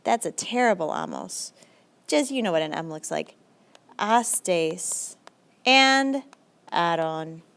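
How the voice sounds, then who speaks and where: A young adult woman teaching a recorded language lesson in a brisk, chatty, encouraging way, with lively jumps in pitch. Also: creaky, smooth. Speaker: Spanish teacher.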